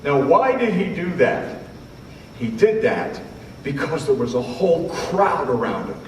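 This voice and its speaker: A male preacher delivering a sermon, moving between hushed asides and loud, rising passages. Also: fairly high pitch, very animated, a little slow, a little hiss or hum. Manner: swings from hushed to loud shouting when retelling scripture. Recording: roomy hall from a distance, faint ambience.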